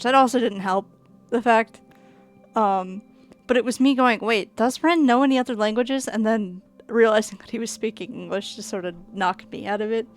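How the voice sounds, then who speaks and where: Rambling Minnesotan woman streamer. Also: medium pitch. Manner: rambling, laughing, swears casually, many fillers. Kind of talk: casual live-stream chat while gaming.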